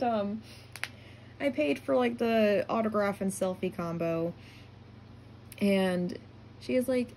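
Chatty young vlogger, filler-heavy. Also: female voice, fairly high pitch, moderate pace, slight background noise. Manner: chatty, lots of "like" fillers, giddy when excited. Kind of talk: casual storytelling vlog.

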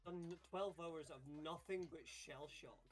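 A man's voice: on the high side, unhurried, a crowd in the background. A man trading crude, ribbing banter with friends on a gaming voice chat. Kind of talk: casual voice chat.

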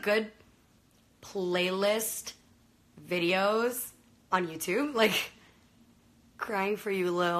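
A woman's voice: mid-range voice, pushed and bright, low-quality recording. A young woman from Venezuela chatting casually on a live stream, gushing and full of fillers, talking into a phone. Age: young adult. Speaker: livestreamer.

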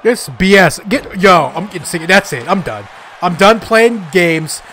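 Loud, excitable young man shouting at a game. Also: sits high, unhurried, a little hiss or hum. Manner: excitable, frustrated, trash-talking, shouts at the game. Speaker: gaming YouTuber. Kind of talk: live gameplay commentary.

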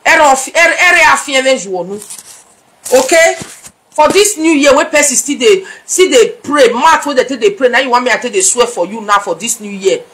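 A woman's voice: high-pitched, lively intonation, normal speed, fairly bright tone. Chatty Nigerian woman vlogger, scolding. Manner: chatty, scolding, mixes Pidgin and English. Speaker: blogger. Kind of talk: casual vlog commentary.

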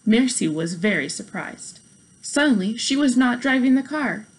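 A woman teacher reading a children's book aloud in a clear, expressive storytelling manner. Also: on the high side, moderate pace, rough recording.

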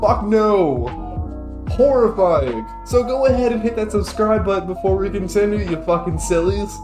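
Male reaction youtuber, sarcastic and profane, slightly high voice, echoey room, music bed. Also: expressive, a little slow. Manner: sarcastic, profane, mock-hyped rants. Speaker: commentary youtuber. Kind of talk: comedic reaction commentary.

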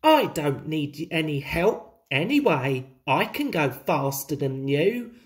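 A woman's voice: sits low, big pitch swings, slow, exaggerated voice. A woman voicing a cheerful, stubborn little male tank engine who puffs and repeats himself in a sing-song way. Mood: eager. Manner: eager, puffing, sing-song repetition.

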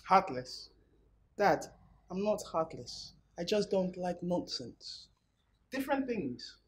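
A woman's voice: lowish voice, sing-song, slow pace. A woman playing a haughty rich young woman. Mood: defiant. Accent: Nigerian. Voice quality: scolding, demanding, rising to shouts. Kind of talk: Nollywood film acting.

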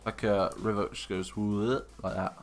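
Low-voiced man thinking aloud. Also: little pitch movement, a little slow, faint music behind. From England. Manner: thinks aloud, hesitant, muttering asides. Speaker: live streamer. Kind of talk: casual live-stream chat.

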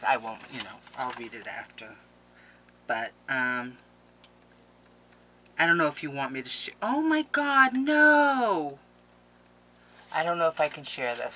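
A woman's voice: deep voice, background noise. A woman in her forties chatting casually to viewers while opening mail, effusive and emotional, with frequent exclamations. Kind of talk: casual chat. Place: home craft room.

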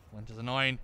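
A man commentating his own shooter gameplay, swearing often and breaking into loud shouts at enemies. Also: mid-range voice. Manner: profane, bursts into yelling at enemies. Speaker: gameplay streamer. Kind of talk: let's-play commentary.

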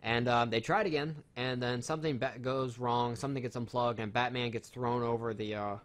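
Male host, casual movie review, profane and rambling, mid-pitched voice. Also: fairly even intonation, normal speed. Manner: profane, rambling retelling with many fillers. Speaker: film reviewer. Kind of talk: casual film review chat.

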